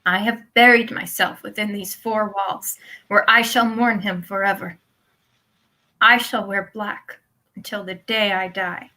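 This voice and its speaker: A woman's voice: mid-range voice, fairly even intonation, measured pace, sharp tone, poor audio. A woman voicing a proud young widow who declaims with theatrical indignation, in a stage play read over a video call. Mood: scornful. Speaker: actor in a live online reading.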